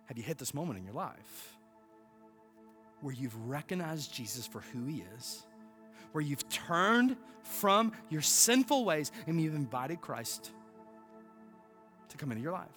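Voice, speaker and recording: Man preaching a sermon, lively swooping pitch, sharp bright tone, faint music behind. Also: a little slow, long pauses. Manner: emphatic preaching with rhetorical questions. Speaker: pastor.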